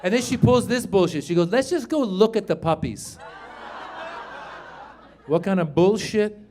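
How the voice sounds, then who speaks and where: A middle-aged man from Iran performing a stand-up routine, telling stories with animated delivery and sudden shouted punchlines. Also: high-pitched. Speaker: stand-up comedian.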